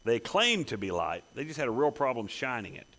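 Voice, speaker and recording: Animated, bright-voiced male preacher. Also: mid-range voice, fairly quick, poor audio. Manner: emphatic, rhetorical questions, rising to loud peaks. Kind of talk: sermon.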